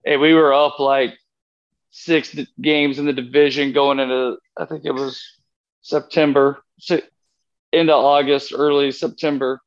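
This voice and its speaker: A man's voice: mid-range voice, level tone, unhurried, muffled recording. A man as an interview guest, telling a long rambling anecdote and acting out the lines he and others said. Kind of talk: casual storytelling interview.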